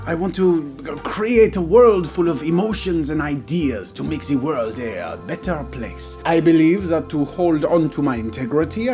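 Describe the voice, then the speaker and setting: A theatrical French painter full of grand ideals, as a man puts him on. He speaks in a thick, exaggerated French accent in a high voice, making lofty declarations while playing a game. Soft music plays quietly behind him. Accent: put-on exaggerated French. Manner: lofty, dramatic pronouncements with a few French words. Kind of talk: narrated game let's-play.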